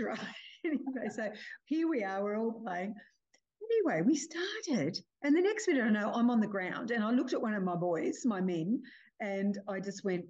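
Animated older woman hosting a podcast. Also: medium pitch, moderate pace, muffled recording. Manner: animated storyteller, acts out family quotes. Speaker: podcast host. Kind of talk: casual chat.

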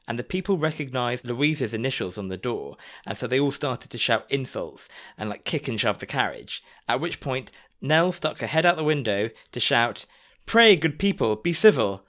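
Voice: mid-range voice, a bit bright. A podcast co-host reading history aloud with dry, wry asides in a casual chat.

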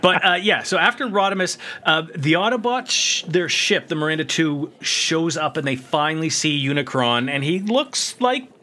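Podcast co-host, male, slightly high and bright voice, jokey recap full of quick impressions. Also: expressive. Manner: jokey, laughs often, acts out quotes. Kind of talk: casual chat recapping a cartoon episode.

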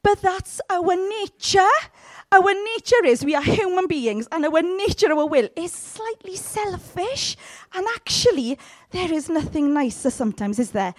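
Animated, high-voiced woman preaching. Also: no echo. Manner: lively, humorous and conversational, with sudden loud high outbursts. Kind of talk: sermon.

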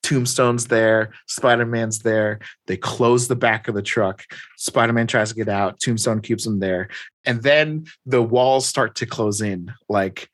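A man's voice: on the low side, steady tone, a little slow, a bit bright, no room sound. A man casually recapping a comic plot, rambling and acting out the lines. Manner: rambling storytelling with voiced quotes.

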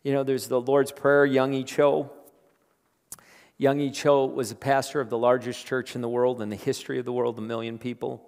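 A man preaching a sermon. He repeats his phrases and builds from quiet talk to loud, emphatic preaching. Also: medium pitch, flat delivery, normal speed, creaky. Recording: long hall reverb.

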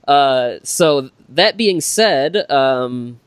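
Halting man in casual podcast chat. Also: mid-range voice, expressive, dry recording. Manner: halting, many fillers and restarts. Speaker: podcast co-host.

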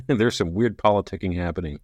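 A man with a fairly low voice talks through a novel's plot in relaxed podcast chat. He is wry and laughs easily as he retells scenes. The sound is dry and close, with no room echo. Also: fairly quick. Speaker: podcast co-host. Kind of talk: casual book-club chat.

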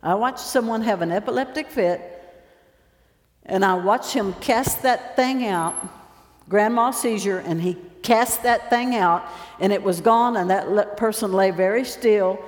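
A woman preacher giving a lively sermon, telling stories and acting out the scenes as she goes. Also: mid-range voice, measured pace. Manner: lively storytelling, acts out scenes. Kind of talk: sermon with stage demonstration. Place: large church hall. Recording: roomy echo, long hall reverb.

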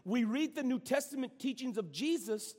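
A man preaches to his congregation in a very high voice, doubling his first words as he builds each point. His sermon rings out through a large church sanctuary with a long, lingering reverb. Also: animated, moderate pace, darkish tone. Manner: repeats words when starting a phrase. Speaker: pastor.

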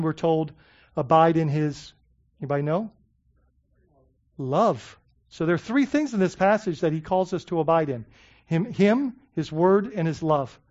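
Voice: mid-range voice, a little mellow. Emphatic preacher on a dull recording. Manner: emphatic, repeats words, checks in with the congregation. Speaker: pastor. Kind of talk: sermon.

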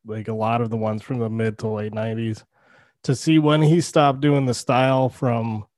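A man's voice: mid-range voice, flat delivery, normal speed, a little mellow, no echo. Guy rambling about movies, says like a lot, dry close mic sound. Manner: rambling, lots of "like", laughs. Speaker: podcast co-host. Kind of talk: casual movie chat.

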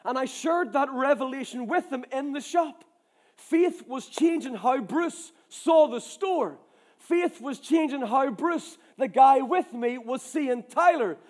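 High-voiced Northern Irish preacher. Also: male voice, slow. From Ireland. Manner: animated, emphatic, acts out dialogue. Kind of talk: storytelling sermon.

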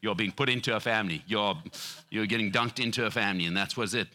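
A middle-aged man preaching a sermon to his church, telling lively stories with acted-out quotes. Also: on the low side, fast. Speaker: pastor.

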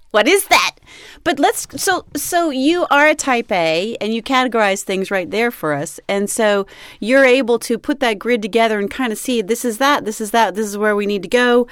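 A woman's voice: a little high, lively intonation, moderate pace, dry recording, studio quality. A woman hosting an interview, conversational and reflective, affirming her guest. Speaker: interview host. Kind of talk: casual interview chat.

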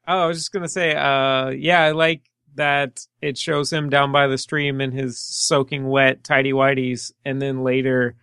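A man hosting a casual movie podcast, joking and acting out scenes in quick quoted voices. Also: mid-range voice, level tone, a bit bright, clear, resonant tone, dry recording, clean studio sound. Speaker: podcast host.

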